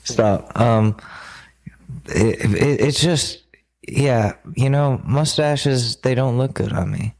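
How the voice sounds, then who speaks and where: A man co-hosting a podcast in casual comedic chat, rambling and halting with frequent profanity. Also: medium pitch, a little mellow. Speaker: podcast co-host.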